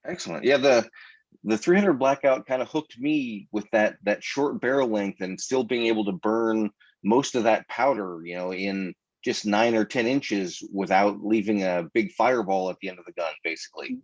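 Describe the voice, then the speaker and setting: A man hosting a podcast, his voice sitting fairly low. The sound is dull and lo-fi, with no room around it at all, and he talks in easy casual chat. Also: moderate pace, no echo. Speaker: podcast host.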